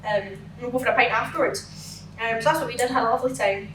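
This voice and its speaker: Chatty woman, higher voice. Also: fast, roomy sound, distant mic, a crowd in the background, poor audio. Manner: chatty, rambling with many fillers. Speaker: podcast co-host. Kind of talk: casual storytelling chat.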